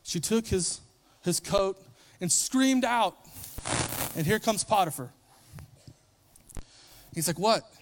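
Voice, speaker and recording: A man's voice: high-pitched, expressive, slow pace, pauses often, background noise. A man preaching a sermon, retelling a story in a casual, conversational way and briefly acting out the characters.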